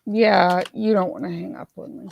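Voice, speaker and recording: A woman hosting a casual live stream, hoarse from swelling in her neck, who chats in a self-mocking way and reads viewer comments aloud. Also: medium pitch, fairly even intonation, moderate pace, darkish tone, highs cut off. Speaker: livestream host.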